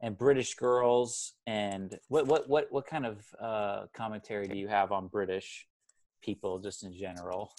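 Young male podcast co-host, low-pitched, chatty and rambling. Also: steady tone, moderate pace, a little mellow. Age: 20s. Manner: rambling, self-correcting, chatty. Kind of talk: casual movie podcast chat.

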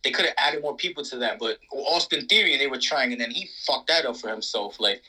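A man co-hosting a casual wrestling chat, talking in an animated, profane, emphatic way. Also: medium pitch, brisk, slightly rough, low-quality recording. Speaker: podcast co-host.

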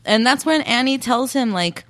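A woman's voice: on the high side, animated, moderate pace, fairly bright tone, no room sound, studio quality. A young woman co-hosting a podcast, chatting casually, laughing often and acting out characters' lines as she retells the plot. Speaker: podcast co-host recapping a TV show. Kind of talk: casual chat.

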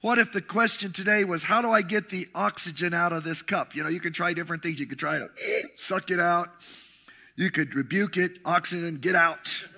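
A middle-aged man preaching a sermon with passion, swinging between shouting and hushed tones. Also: sits high, brisk, vocal fry. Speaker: pastor.

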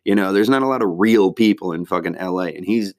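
A man's voice: sits low, fast talker. A stand-up comedian, a man, casually recapping his week in a rambling, laid-back way, swearing freely and using slang.

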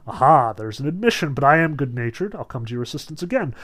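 A man reading aloud the lines of a scheming male devil, a gentleman tempter, from a novel. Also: mid-range voice, lively intonation. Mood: mocking. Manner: read aloud from a novel, quick in spots.

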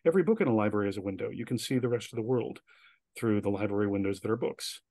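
A man's voice: lowish voice, very fast, no room sound. Chatty storytelling man, dry close sound. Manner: chatty, animated storyteller with filler words. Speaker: guest, director and writer. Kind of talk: casual storytelling interview.

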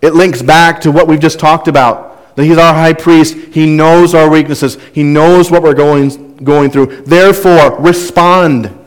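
Earnest preacher in a reverberant hall. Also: male voice, on the high side, steady tone, unhurried, hardly any pauses. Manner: earnest, conversational preaching with repetitions. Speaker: pastor. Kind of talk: sermon.

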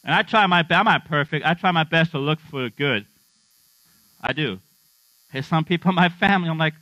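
Bright-voiced male pastor, joking sermon. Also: on the high side, a little fast, pauses often, no echo. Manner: humorous, conversational, asks the congregation questions. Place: church. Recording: dull, slightly lo-fi dry sound with mains hum.

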